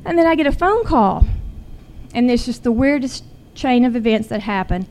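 A woman's voice: fairly high pitch, animated, normal speed, a little mellow. Woman telling a personal story. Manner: earnest, growing intense when retelling. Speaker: guest sharing a personal story.

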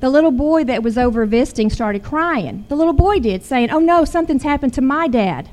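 A woman's voice: high-pitched, lively intonation, a little fast, a little mellow. Woman telling a personal story. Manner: earnest, growing intense when retelling. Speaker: guest sharing a personal story.

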